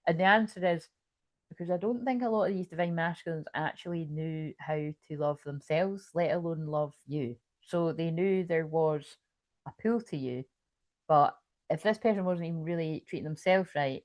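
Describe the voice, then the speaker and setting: Rambling, swearing woman, low voice. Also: moderate pace, a little mellow, dry recording. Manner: rambling, swearing, laughing as she tells a story. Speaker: tarot reader. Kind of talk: casual tarot reading and storytelling.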